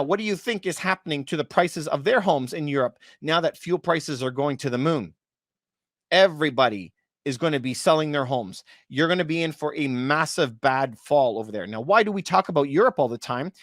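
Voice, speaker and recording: A man in his thirties speaks straight to his viewers with fairly high pitch for a man. He presses his points hard and repeats himself for emphasis. The sound is dry and close, with no room echo. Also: a bit bright. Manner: emphatic and repetitive, often calls things unbelievable. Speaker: real estate video host. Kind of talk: casual commentary to viewers.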